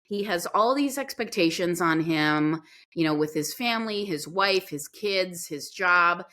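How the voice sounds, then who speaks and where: A woman guest in an interview, telling a story in an earnest, animated way. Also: on the low side, a little slow. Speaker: podcast guest.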